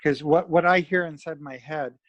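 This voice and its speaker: A man's voice: on the high side, fairly even intonation, moderate pace, fairly bright tone, no echo, highs cut off. Laid-back canadian guy cohosting, reflective casual chat, dry sound. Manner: easygoing, reflective, affirming. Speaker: podcast co-host.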